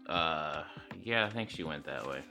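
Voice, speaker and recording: Man, very low gravelly voice, bright tone, hesitant deadpan tabletop player. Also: normal speed, faint music behind. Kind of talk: playing a character in a tabletop game.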